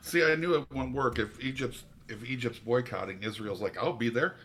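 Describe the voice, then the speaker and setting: A man's voice: medium pitch, animated, moderate pace, very noisy. A middle-aged man, a teacher, chatting casually as a trivia contestant, joking and rambling a little. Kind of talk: casual chat.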